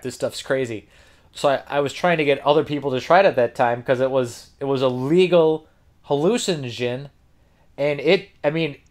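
A man's voice: medium pitch, clean tone. A man hosting a podcast, telling a rambling, profane story with frequent laughs. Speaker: podcast host.

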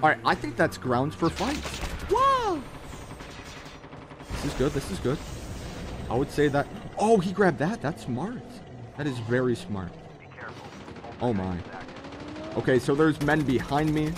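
A man giving jokey, excitable live commentary while playing a mobile shooter game. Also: fairly high pitch, unhurried, long pauses, background noise. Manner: excitable, jokey, keeps exclaiming in alarm. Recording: loud game gunfire behind. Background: game gunfire and explosions.

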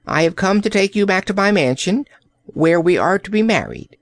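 A man's voice: high-pitched, big pitch swings, moderate pace, dry recording, studio quality, pitched above the performer's own voice. A man voicing a greedy, pompous old male courtier who demands and rants in a raised voice. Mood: demanding. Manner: demanding, shouts in outrage.

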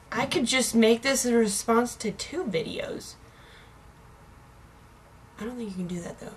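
A woman's voice: fairly high pitch, fairly bright tone, a little hiss or hum. Rambling, giggly young American woman. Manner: rambling, self-mocking, giggly, drops to murmurs. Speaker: vlogger. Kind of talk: casual video blog chat.

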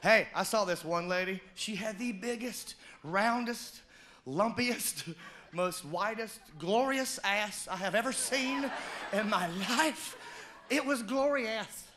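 High-voiced Southern man doing stand-up. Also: slow. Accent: Southern American. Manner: loud, animated storytelling with shouted character voices. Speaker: stand-up comedian. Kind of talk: stand-up comedy routine. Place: comedy club stage before a live audience. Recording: live club recording with crowd noise. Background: audience laughter.

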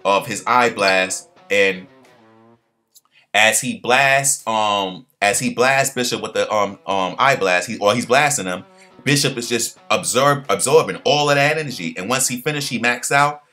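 A young man with a low, bright, forceful voice talks through a recap in loose slang, rambling and restarting his sentences. Faint guitar music plays behind him. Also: measured pace. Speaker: show recap host. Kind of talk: casual recap commentary.

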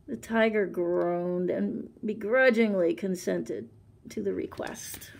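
A librarian reading a picture book aloud for children, with chatty asides about the pictures. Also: female voice, medium pitch, takes it slowly, creaky, slight background noise. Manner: chatty asides with soft laughs. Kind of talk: storytime read-aloud.

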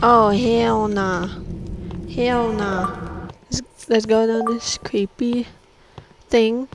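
A woman's voice: a little high, steady tone, extremely slow. A woman gamer giving jumpy horror game commentary, swearing and talking back at the game. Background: game music.

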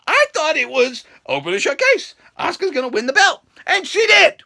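A man reviewing a wrestling show in a casual reaction video, swearing freely and bursting into shouts. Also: very high-pitched, sing-song, brisk, gravelly, few pauses. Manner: profane, ranting, bursts into shouting.

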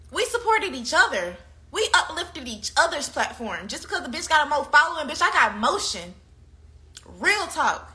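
A woman's voice: sits high, big pitch swings, normal speed, pushed and bright. A young woman being interviewed, venting heatedly about a breakup, swearing freely and hammering the same points over and over. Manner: heated, profane, repeats her points.

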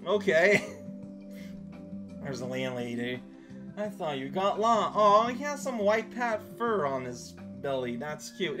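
A man's voice: sits high, big pitch swings, a little slow, pushed and bright, faint music behind. A man casually commentating on a video game as he plays, rambling and giggling through jokey asides. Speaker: let's play commentator.

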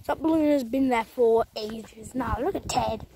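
High-voiced young woman, rambling. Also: measured pace, dark tone, slight background noise. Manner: rambling, apologetic, chatty. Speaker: vlogger. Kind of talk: casual walking vlog. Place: outdoors on a country road. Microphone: phone camera held while walking.

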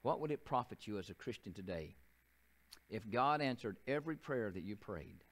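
A man's voice: on the low side, lively intonation, moderate pace. An older man with a Southern US accent, preaching a sermon as a pastor in a church, telling folksy stories and often repeating and restarting his phrases.

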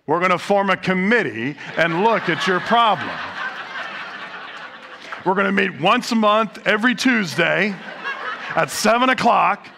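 A man's voice: sits high, lively intonation, measured pace, gravelly, pauses often, noisy background, exaggerated voice. A man voicing a fussy male Methodist committee member in a sermon joke. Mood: droning.

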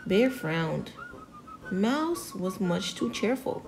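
A woman reading a children's picture book aloud, slowly and expressively. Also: lowish voice, faint music behind, rough recording. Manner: slow, expressive, animated. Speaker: storyteller.

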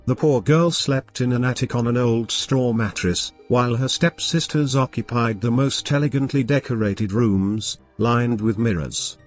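A man narrating a fairy tale as a scripted bedtime story, reading calmly and gently at a steady pace. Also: mid-range voice, measured pace, hardly any pauses, soft background music.

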